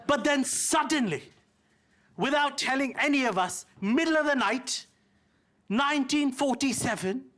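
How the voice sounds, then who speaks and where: A man's voice: extremely high pitch, expressive, unhurried, fairly bright tone. A middle-aged man from India doing a wry, self-deprecating stand-up set on a theatre stage, now and then mimicking other voices. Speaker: stand-up comedian. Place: theatre stage before a live audience. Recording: live theatre with audience laughter.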